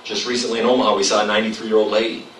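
Low-voiced halting man at a debate. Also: level tone, a bit bright. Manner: halting, lots of fillers. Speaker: state senator, debate candidate. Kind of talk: campaign debate answers. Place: public hall. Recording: echoey room from far off, faint noise.

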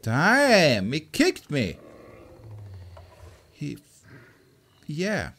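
A man giving let's play commentary, excitable, with loud exclamations and swearing as he plays. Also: on the high side, extremely slow, long pauses. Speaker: gameplay commentator.

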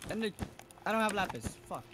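A man's voice: high-pitched, lively intonation, fast, a loud crowd. A man chatting bluntly while playing a game with friends. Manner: blunt, mild cursing. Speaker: co-player. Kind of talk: casual gaming chat. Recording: noisy voice chat.

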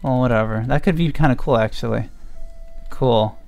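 A young man streaming a game, rambling in a mock-mournful way and filling pauses with lots of ums. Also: mid-range voice, creaky, darkish tone. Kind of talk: casual let's-play commentary.

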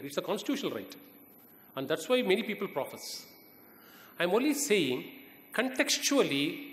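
A man with an Indian English accent giving a university lecture, earnest and exhorting, pausing for emphasis. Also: on the high side, a bit bright. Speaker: guest lecturer. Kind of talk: university lecture answering student questions. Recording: echoey hall reverb.

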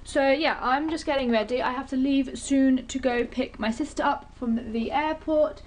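A young woman from England chats to her camera in a light, slightly high voice. She rambles happily between asides in a relaxed beauty vlog. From Britain. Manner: chatty, rambling, bubbly, quick asides. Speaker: beauty vlogger. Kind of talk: casual vlog chat to camera.

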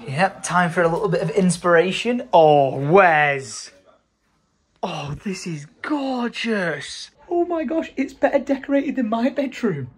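A man gushes his way through a casual home vlog. His voice swings widely in pitch and he laughs often, bubbling with excitement. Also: moderate pace, hardly any pauses. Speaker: vlogger.

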